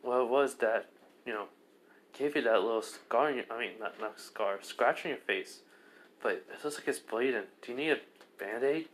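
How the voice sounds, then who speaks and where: A man voicing a cocky young male devil who talks calmly, dryly and mockingly. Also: mid-range voice, moderate pace, slight background noise, natural voice. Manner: calm, mocking and dry.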